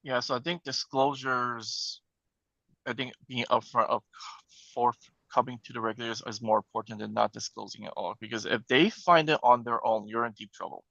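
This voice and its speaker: Man, panel guest, brisk, emphatic, dry close sound, dull lo-fi call audio. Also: medium pitch, vocal fry, bright, forceful tone, no room sound. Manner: brisk, emphatic, frequent "right?" tags. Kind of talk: conversational panel discussion.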